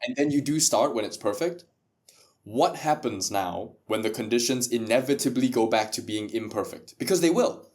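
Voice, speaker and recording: A man's voice: medium pitch, expressive, moderate pace, darkish tone. A man who is a guest on a podcast, talking about entrepreneurship and content creation in an emphatic way, with rhetorical questions and frequent laughs. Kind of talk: casual podcast conversation.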